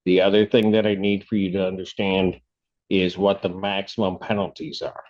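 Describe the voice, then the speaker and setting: A man presiding as judge in a court arraignment, reading charges in a formal, measured way and repeating his questions patiently. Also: deep voice, little pitch movement, a little mellow, highs cut off.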